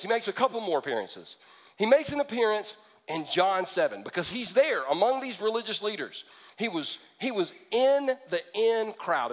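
A man preaching a sermon as pastor, telling the story with lively, jokey asides. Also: sits high. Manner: lively storytelling with acted-out quips.

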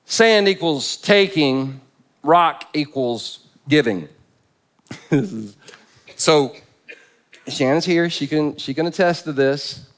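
A man's voice: a little high, takes it slowly, pauses often. A man preaching a sermon as pastor. He jokes and stresses points by repeating phrases. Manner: joking, emphatic, repeats phrases.

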